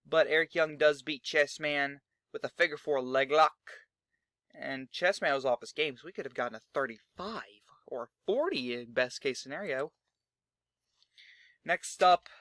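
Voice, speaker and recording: A man's voice: a little high, bright, forceful tone, smooth, no room sound, studio quality. Chatty young man rambling over a game. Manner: rambling, chatty, swears freely. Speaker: gaming channel host. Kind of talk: casual let's-play commentary.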